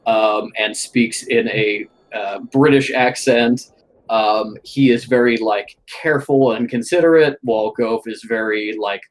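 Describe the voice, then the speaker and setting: Male game master, unhurried and halting, mid-pitched, tabletop game narration. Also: low-quality recording. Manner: slow, hesitant, many fillers.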